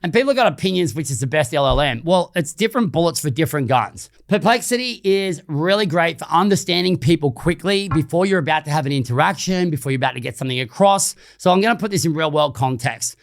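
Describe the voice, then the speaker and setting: Aussie guy doing a solo podcast, pretty high voice, blunt, swears a bit, super casual. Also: expressive, fast, creaky, hardly any pauses. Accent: Australian. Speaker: podcast host. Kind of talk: unscripted solo talk.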